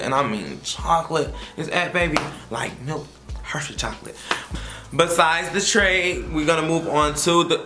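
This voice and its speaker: A man's voice: on the high side, bright, forceful tone, roomy sound. A young man, a college freshman, giving sassy, slangy advice in a casual vlog. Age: young adult. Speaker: vlogger.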